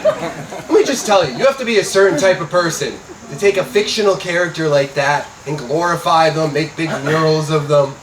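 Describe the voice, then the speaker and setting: Young male stand-up, deadpan with loud punchlines, roomy and noisy club sound. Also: a little high, normal speed. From Scranton, Pennsylvania, USA. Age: young adult. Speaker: stand-up comedian. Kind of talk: stand-up comedy set. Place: comedy club stage before a live audience. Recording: roomy club audio from a distance with noise.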